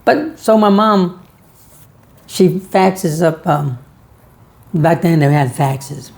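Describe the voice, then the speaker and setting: Gravelly man ranting. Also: on the high side, animated, slow. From Georgia, USA. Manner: sarcastic, rhetorical, storytelling. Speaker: vlog host. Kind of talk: ranting monologue.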